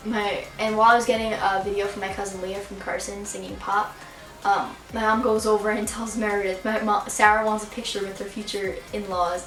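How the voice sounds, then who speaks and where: A woman's voice: medium pitch, distant mic. A teenage girl gushes through a fan story in a casual vlog, piling on "like" as she goes. She sits a little back from the mic, and her voice rings in a roomy space with faint music underneath. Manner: gushing, fast, full of "like". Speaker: vlogger.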